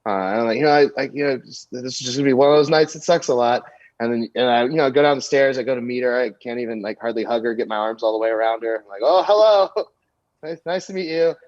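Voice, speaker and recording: A man's voice: medium pitch, quick pace, dry recording. Young man, comedian, crude storyteller, filler-heavy, dry muffled sound. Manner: animated, crude anecdote telling with many fillers. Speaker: comedian guest. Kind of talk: storytelling on a podcast.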